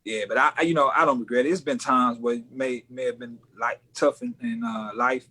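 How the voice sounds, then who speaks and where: A man's voice: medium pitch, steady tone, a little fast, sharp tone. A male rap artist speaking as a podcast guest in an earnest, laid-back way, with many fillers. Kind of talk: casual interview chat.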